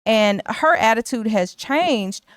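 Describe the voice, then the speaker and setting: A woman's voice: a little high, takes it slowly, no room sound, studio quality. A woman co-hosting a casual movie recap, chatty and slangy, acting out the characters' lines as she retells the plot. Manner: animated, acts out characters' lines in quotes. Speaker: co-host.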